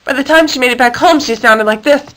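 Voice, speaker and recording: A woman reading a children's animal story aloud in a lively, expressive way. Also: high-pitched, rough recording.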